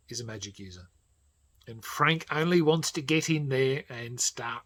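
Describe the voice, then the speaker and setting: A man casually recommending audiobooks as a channel host, rambling with many fillers and often trailing off to a quiet, half-whispered voice. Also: mid-range voice.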